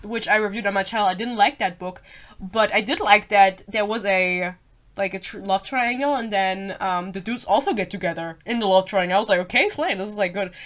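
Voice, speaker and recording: A young woman hosting a book podcast, talking in a bright, sharp voice. She rants casually and animatedly, swearing and laughing. She sounds a little under the weather and slightly hoarse. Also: medium pitch. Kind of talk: casual rant. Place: Germany.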